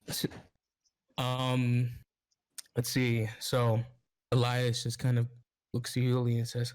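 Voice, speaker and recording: Male game master, halting narration with fillers, on a voice call. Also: medium pitch, completely flat delivery, darkish tone, clean tone. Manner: halting, many fillers, laughs often.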